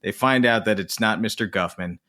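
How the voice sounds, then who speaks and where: A man co-hosting a podcast, chatting casually and animatedly about films. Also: on the low side. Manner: animated, swings into quick put-on voices. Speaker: podcast co-host. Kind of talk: casual film discussion.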